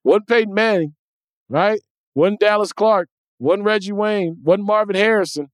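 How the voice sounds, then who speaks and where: A man's voice: sits high, moderate pace, no room sound. Emphatic man talking sports. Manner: animated, emphatic, repeats words when he restarts. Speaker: podcast host. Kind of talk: casual sports talk.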